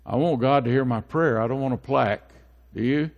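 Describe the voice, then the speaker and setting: A man's voice: medium pitch, a little fast, gravelly, long reverb tail, lo-fi sound. A male pastor preaching a sermon to his church, asking the congregation questions and building to emphatic, rising peaks.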